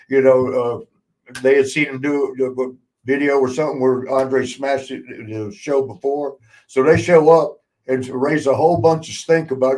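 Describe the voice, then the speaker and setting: A man's voice: mid-range voice, fairly even intonation, moderate pace, a little mellow, low-quality recording. A man hosting a podcast, telling old road stories in a loose, casual chat, laughing often, swearing freely and acting out the people he quotes. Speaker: podcast host, former wrestler.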